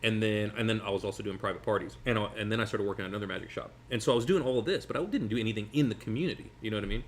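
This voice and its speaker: Man, magician guest, quick rambling storyteller, lowish voice. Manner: rambling, animated, many restarts. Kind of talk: casual storytelling chat. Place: sitting at a table over food.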